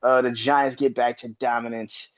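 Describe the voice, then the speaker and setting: A man in his thirties hosts a casual solo sports podcast with a mid-range voice. He rambles and swears, and his voice spikes up in pitch when he gets worked up. The recording sounds a little dull and lo-fi. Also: flat delivery, normal speed. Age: 30s. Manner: loose and profane, rants with sudden high-pitched outbursts. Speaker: podcast host.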